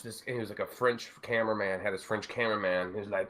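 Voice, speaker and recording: Rambling, animated young man. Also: on the low side, fast, hardly any pauses. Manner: rambling, animated storytelling with many fillers. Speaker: show co-host. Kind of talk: casual podcast chat.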